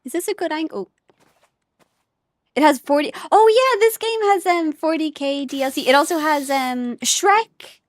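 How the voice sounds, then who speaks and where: A woman's voice: high voice, normal speed, no echo, studio quality. A young woman from Ireland streaming a game, chatting casually with viewers in a giggly, rambling way, often correcting herself. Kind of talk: casual gameplay chat with viewers.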